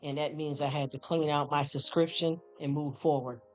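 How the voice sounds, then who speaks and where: A man's voice: on the high side, level tone, moderate pace. A man on a casual live stream who talks straight to his viewers, rambling, heartfelt, often stammering and repeating himself. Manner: talks straight to chatters, calls them honey and y'all. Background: faint background music.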